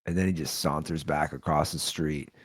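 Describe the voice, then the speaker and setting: A man in his forties hosting a show, telling a comedic story in a rambling, animated way, full of "like.". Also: extremely low pitch, moderate pace, no echo, clean studio sound. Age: 40s. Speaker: podcast host.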